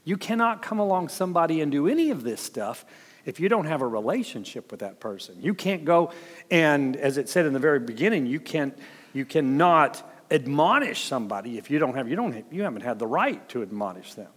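A man's voice: a little high, sing-song, fairly quick, breathy edge, in a large hall. A man preaching as a pastor, telling stories with chuckles and acting out what people said. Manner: storytelling, chuckling, acts out quotes. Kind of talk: sermon with personal stories.

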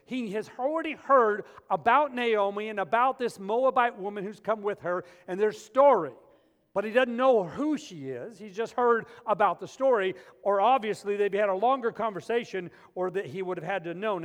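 A man preaching a sermon as pastor, telling stories with animated humor. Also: high voice, moderate pace. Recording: long reverb of a large hall.

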